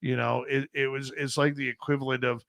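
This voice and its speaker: A man's voice: medium pitch, little pitch movement, fairly quick, vocal fry, fairly bright tone, no echo. A middle-aged Canadian man hosting a radio show, chatting casually and trailing off as he works the computer. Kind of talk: casual chat.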